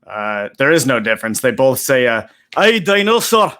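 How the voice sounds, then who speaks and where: A man's voice: mid-range voice, fairly even intonation, a little fast, fairly bright tone, clear, resonant tone. A man telling puns on a video call, with long rambling setups and many fillers. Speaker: comedy guest. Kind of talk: casual pun telling.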